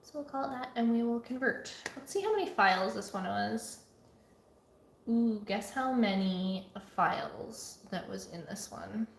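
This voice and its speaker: A woman's voice: medium pitch, a little hiss or hum. Chatty woman vlogging in an echoey studio. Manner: chatty, rambling, soft at times, yawning. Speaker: artist vlogger. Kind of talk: casual vlog talk. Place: home art studio.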